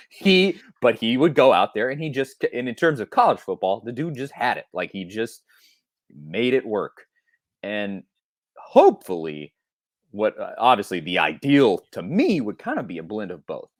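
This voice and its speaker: A man's voice: lowish voice, sing-song, moderate pace, dry recording, clean studio sound. A man co-hosting a sports podcast, talking casually and thinking aloud with frequent restarts. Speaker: podcast co-host.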